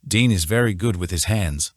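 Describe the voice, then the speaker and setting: A cocky, teasing young man from a storybook, quick with a joke and never serious for long, as a male narrator puts him on. His voice sits low and deep, recorded close and dry. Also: no echo. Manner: playful, teasing. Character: joking brash young man, teasing friend.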